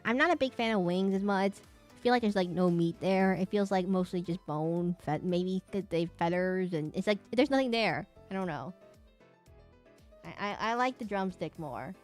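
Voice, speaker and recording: A woman's voice: on the low side, normal speed, darkish tone, soft background music. A young woman streamer chatting casually with her viewers while she draws, rambling playfully and humming to herself. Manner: rambling, playful, talks to chat, hums. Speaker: streamer drawing for chat. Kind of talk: casual chat while drawing.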